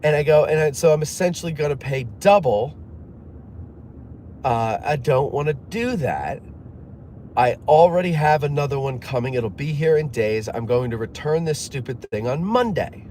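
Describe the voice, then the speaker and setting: A man recounts a frustrating ordeal in a loose, rambling monologue, full of restarts and weary sighs. He slips into quick impressions of the people he dealt with, then drops back to his own tired, middle-pitched voice. A faint hum of background noise sits under him. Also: lively intonation, darkish tone. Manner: rambling, exasperated, acts out others' lines in quick quotes; frequent fillers and restarts, sighs. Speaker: show host telling a personal story. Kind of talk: casual monologue storytelling.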